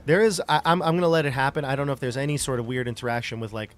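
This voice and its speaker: A man's voice: medium pitch, steady tone, racing. A man narrating as game master of a tabletop game, loose and rambling with many fillers. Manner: loose, rambling narration full of "like" and "you know".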